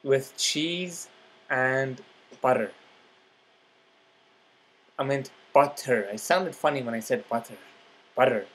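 A man eating on camera in a casual vlog, excited about his food, talking with his mouth full between lots of appreciative mm sounds. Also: mid-range voice, a little slow. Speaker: vlogger.

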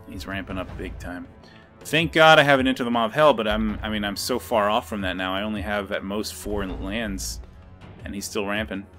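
A young man, a gameplay video creator, comments on his own card game as he plays, with faint music in the background. His voice is lowish, bright and forceful, and he often swears and rants in frustration.

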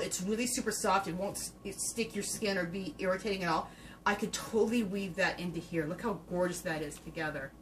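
A woman of ordinary pitch hosts a casual craft podcast, gushing over her materials and talking straight to her viewers. She fills her talk with ums and excited exclamations, and a faint hiss sits under her voice. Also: low-quality recording. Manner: gushing, enthusiastic, full of filler words. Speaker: fiber-craft podcast host. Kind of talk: casual show-and-tell chat to viewers.

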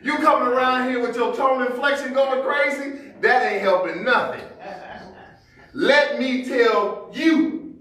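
A man's voice: very high-pitched, measured pace, a bit bright. Male pastor, conversational sermon delivery, acts out scenes; very echoey church, distant mic. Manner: conversational Black church preaching, acting out everyday scenes. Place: church sanctuary.

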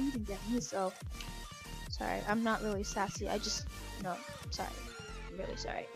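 A woman giving live commentary over her own gameplay. She is excitable, shrieks and laughs at scares, then chats on and apologizes a lot. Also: medium pitch. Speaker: gaming channel host.

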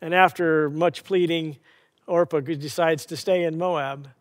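Male pastor, high voice, storytelling sermon with rhetorical questions. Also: fairly even intonation, unhurried, long reverb tail.

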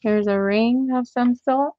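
Female live-sale host, slightly high voice, relaxed casual chatter, dull lo-fi stream audio. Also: measured pace, no room sound. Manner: chatty, counting items aloud to viewers. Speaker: live seller unboxing jewelry. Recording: dull lo-fi audio with faint noise.

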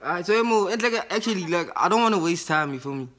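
A man's voice: high-pitched, expressive, fast, fairly bright tone. A young man, hosting a casual video and making a prank call, rambling with slang and fillers. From South Africa. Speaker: YouTuber host.

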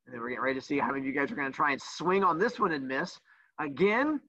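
Male teacher, sassy, teasing, lively pitch, bright voice, dry dull desk-mic sound. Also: very fast, no echo. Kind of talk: livestreamed class lesson.

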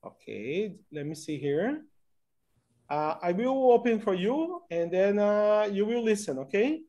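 A man teaching an online English conversation class, coaxing students along slowly with many fillers. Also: high-pitched, sing-song, warm tone, lo-fi sound.

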